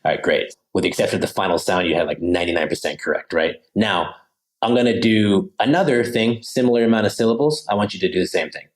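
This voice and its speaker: An American man, a guest on a podcast, explaining his method in a lively, casual way and often checking in with "right?". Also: deep voice, quick pace, poor audio. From United States. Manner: animated, lively teaching, keeps checking in with "right?"; casual slangy delivery with many "like" fillers. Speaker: podcast guest, language coach.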